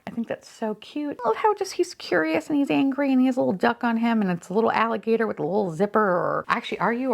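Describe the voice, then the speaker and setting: A young woman chatting through a toy unboxing, bubbly and foul-mouthed. Her pitch leaps around constantly, from low asides up to high squeals. She talks casually and fast-shifting, like a regular vlogger. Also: vocal fry. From Florida. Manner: gushing, excitable, swears freely, sudden squeals.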